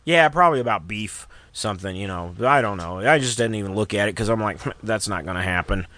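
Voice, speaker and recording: A man hosts a relaxed radio talk show, his pitch rising and falling a lot as he rambles through stories and jokes. His voice is dry and close, with no room around it. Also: a little fast, no echo. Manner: rambling, joking storyteller. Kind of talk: casual on-air chat.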